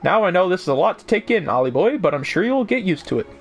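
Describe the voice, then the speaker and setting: Hammy fairy sidekick, streamer doing it, fake Irish going Australian, lively. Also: male voice, sits high, fast talker, soft background music, voice pushed up. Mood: playful. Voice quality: mock Irish accent slipping toward Australian. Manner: hammy, playful imitation. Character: chatty little male fairy sidekick. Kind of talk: reading game lines aloud on a stream.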